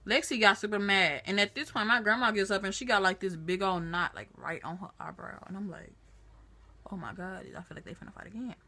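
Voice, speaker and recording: A woman vlogger chatting to a phone camera, retelling a family story in a lively, chatty way. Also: mid-range voice, fairly quick, gravelly.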